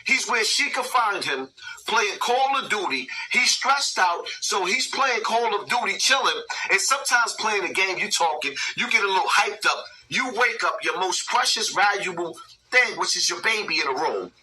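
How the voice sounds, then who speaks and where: A man's voice: high-pitched, lively intonation, moderate pace, bright, forceful tone, distant mic, low-quality recording. A man hosting a commentary video, ranting and preaching to his viewers with lots of repetition. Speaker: commentary channel host.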